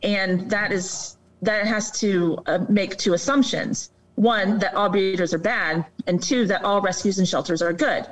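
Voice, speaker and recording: A woman on a casual podcast, explaining her point earnestly in a mid-pitched voice. She keeps a steady, conversational flow and now and then mimics other people in a higher voice. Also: a little slow, hardly any pauses, far from the mic, rough recording. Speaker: guest on animal welfare.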